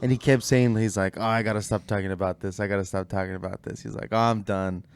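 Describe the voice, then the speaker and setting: A laid-back man co-hosting a comedy podcast, talking in a slangy, hesitant way. His voice sits on the low side. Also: fast talker, clear, resonant tone. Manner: relaxed, slangy, hesitant fillers. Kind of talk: casual chat.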